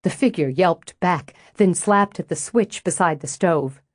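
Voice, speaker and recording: Woman narrator, low voice, dry close sound, measured audiobook reading. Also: no room sound. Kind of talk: scripted narration.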